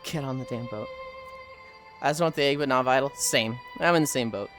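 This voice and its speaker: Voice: medium pitch, a little fast, a bit bright, soft background music. A livestreamer chatting casually over a fishing game, swearing freely and sighing often between remarks. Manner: profane, sighs often, chatty. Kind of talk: casual gaming commentary.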